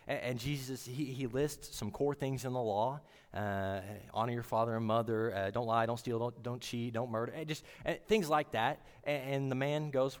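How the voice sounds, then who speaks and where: A man giving a sermon in an earnest, halting way, often restarting his words. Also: medium pitch, fairly even intonation, long reverb tail. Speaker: preacher.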